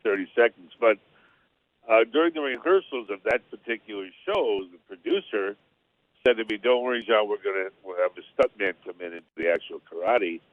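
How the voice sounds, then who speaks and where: A man, an actor guest, calling in by phone and telling anecdotes with halting restarts. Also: fairly low pitch, animated, no echo. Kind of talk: casual interview storytelling. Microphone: phone call-in. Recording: tinny phone line.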